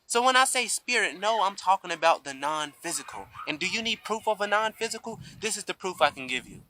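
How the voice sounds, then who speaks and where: Man, bright and fairly high voice, preachy spiritual talk outdoors to a camera mic. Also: lively intonation, a little fast, slight background noise, rough recording. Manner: emphatic, preachy, keeps asking "you see?".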